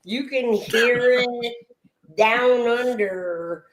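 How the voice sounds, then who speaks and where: A woman chats on a live stream alongside her husband, speaking very slowly and deliberately. Her voice is a little high, and the room echo is noticeable. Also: noisy background. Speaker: host's wife, co-host. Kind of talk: casual live stream chat. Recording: roomy echo.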